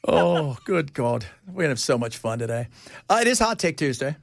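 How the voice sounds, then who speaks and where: A man's voice: mid-range voice, very animated, fast talker, no room sound. A man hosting a talk radio show, chatting casually in the studio, rambling and laughing often.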